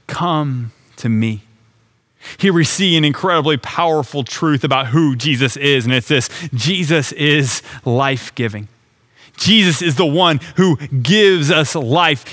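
Earnest man preaching, slightly high voice. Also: fairly bright tone. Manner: earnest expository preaching, paraphrasing scripture conversationally. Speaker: pastor. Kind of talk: sermon.

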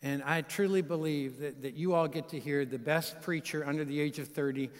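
A man's voice: a little high, fairly even intonation, brisk. A man in his fifties, a guest pastor preaching and telling a folksy story to a church congregation. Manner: folksy, warm storytelling with audience asides. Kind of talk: sermon with storytelling. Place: large church sanctuary. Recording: live church hall reverb.

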